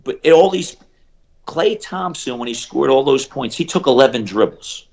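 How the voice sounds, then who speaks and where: A middle-aged man, a shooting coach, telling stories in an animated interview and acting out the people he quotes. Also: mid-range voice. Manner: acts out quoted voices, fast bursts and emphatic repeats.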